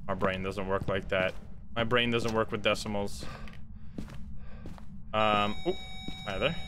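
A man's voice: on the low side, fairly even intonation, unhurried, background noise. A man streaming gameplay live, talking to his chat, swearing and laughing at his own bad luck. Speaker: streamer playing a ghost-hunting game.

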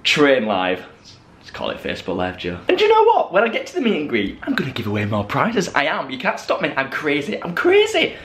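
A young man chatting casually in a vlog, bubbly and jokey, laughing often and jumping up into high squeals. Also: very animated, a little fast, fairly bright tone, a little hiss or hum. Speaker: vlogger.

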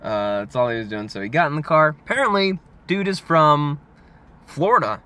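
A young man talking casually to camera in a vlog, chatty and animated, laughing often. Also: fairly high pitch, normal speed. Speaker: vlogger. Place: gym parking area.

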